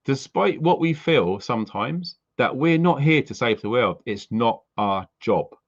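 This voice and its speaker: Expressive and a bit slow, the mid-range voice of a prepping channel host from the United Kingdom comes through lo-fi sound. On his live stream he vents bluntly and sincerely, with plenty of swearing, about his convictions.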